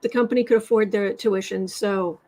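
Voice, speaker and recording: A woman from West Virginia hosting a tarot and astrology livestream, telling stories in a rambling, animated way with sudden emphatic outbursts. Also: medium pitch, normal speed. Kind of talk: casual chat, storytelling.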